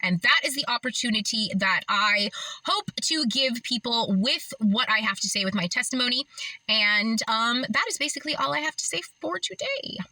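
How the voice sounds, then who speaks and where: Lively, bright-voiced woman vlogger. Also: on the high side, moderate pace, no echo, rough recording. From Las Vegas, Nevada, USA. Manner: earnest, emphatic, chatty with laughs. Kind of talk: casual talk to camera.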